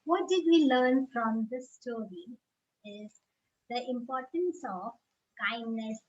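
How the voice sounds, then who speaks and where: A woman reading a picture book aloud, slow and expressive. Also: on the high side, background noise. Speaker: storyteller. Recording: dull lo-fi recording.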